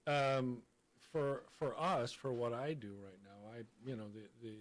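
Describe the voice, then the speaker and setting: A middle-aged chef speaking as a radio guest. He explains his views firmly in a mid-pitched voice, often restarting and checking with "right?". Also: unhurried. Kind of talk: casual radio interview.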